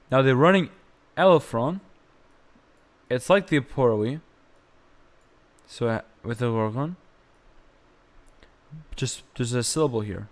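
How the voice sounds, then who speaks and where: A young man teaching chant on a live stream, explaining slowly and breaking into short sung phrases. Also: mid-range voice, lively intonation. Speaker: music teacher.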